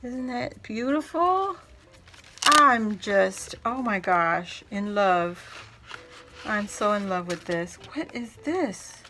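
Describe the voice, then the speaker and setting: A woman hosts a casual crafting vlog, gushing over a handmade gift and squealing with delight at the details. She talks to her viewers in an easy, unhurried way, her voice at a middle pitch. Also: very noisy. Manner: gushing, excitable, squeals and laughs often; addresses viewers as "guys". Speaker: crafting video host.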